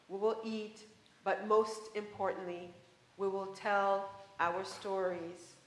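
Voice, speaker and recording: A woman's voice: medium pitch, echoey room, lightly acted. A woman voicing a grieving, stubborn young daughter who speaks in a pleading, determined way.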